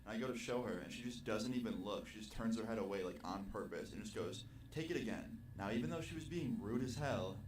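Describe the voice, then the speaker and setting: A young man telling a personal party story in a casual, animated, profane storytime vlog. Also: lowish voice, fast, hardly any pauses. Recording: roomy, distant video playback with faint noise.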